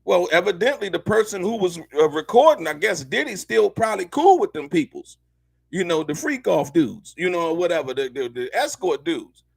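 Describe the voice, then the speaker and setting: Raspy, gravelly man hosting live commentary. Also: sits high, expressive, normal speed, no room sound. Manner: loose, slangy, repeats himself, addresses viewers directly. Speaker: host of a commentary show. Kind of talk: live commentary on court news.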